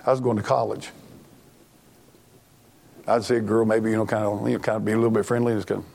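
A man's voice: lowish voice, level tone, fast talker, vocal fry, a little mellow, slight background noise. A middle-aged man preaching a sermon as pastor, earnest and plainspoken, often restarting his sentences.

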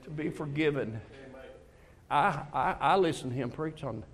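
A man's voice: a little high, a little slow, fairly bright tone. An older man preaching a folksy, conversational sermon, telling personal stories and acting out talks with God. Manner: storytelling, acts out dialogues with God, emotional confessions.

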